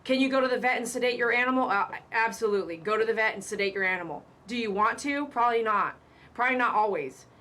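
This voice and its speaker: A woman's voice: fairly high pitch, quick pace, pushed and bright. A woman who works as a pet groomer, hosting a live stream in a casual, emphatic way and repeating her warnings with chatty asides.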